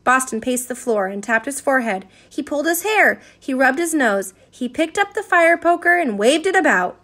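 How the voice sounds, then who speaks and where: A woman reading a storybook aloud with an expressive storytelling cadence. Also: high voice, moderate pace. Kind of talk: storybook read-aloud narration.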